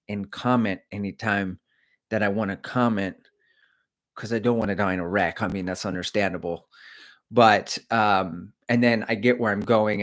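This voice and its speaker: A middle-aged man and running coach, hosting a casual livestream and rambling through opinions and asides. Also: fairly low pitch. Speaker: running coach and channel host.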